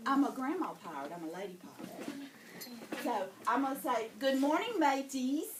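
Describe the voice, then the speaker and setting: A woman's voice: on the high side, expressive, brisk. A woman in her sixties, a grandmother visiting a classroom, coaxing and teasing children as she plays at being a pirate. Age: 60s. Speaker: visiting grandmother reading to schoolchildren. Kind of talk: playful classroom talk with children. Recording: echoey room, far from mic, loud noise.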